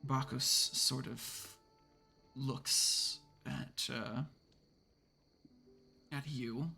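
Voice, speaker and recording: A man's voice: medium pitch, fairly even intonation, extremely slow, vocal fry, bright, forceful tone, breathy edge, soft background music. A man narrating a tabletop horror game as game master, meandering with many hedges and fillers.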